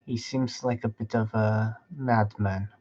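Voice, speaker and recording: A guarded adventurer who speaks in stiff, formal sentences, played by a man. The voice is husky and fairly low. It comes through a dull, lo-fi mic. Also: fairly even intonation, measured pace, darkish tone. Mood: wary.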